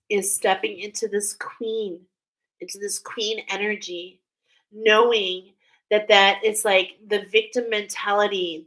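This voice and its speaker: A woman reading oracle cards for her viewers, speaking softly, emotional and tearful at times. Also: medium pitch, poor audio. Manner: emotional, tearful, soft-spoken. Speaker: oracle card reader. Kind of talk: spiritual card reading vlog.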